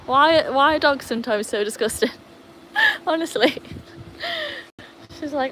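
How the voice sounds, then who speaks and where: A woman's voice: sits high, big pitch swings, slow, long pauses, fairly bright tone, a little hiss or hum. A woman hosting a casual livestream in her garden, chatting to viewers while fussing over her dogs. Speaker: livestream host. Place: outdoor garden.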